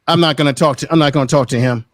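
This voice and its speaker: A man, a panel guest, arguing heatedly, repeating himself and shouting his points. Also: on the high side, racing, no echo.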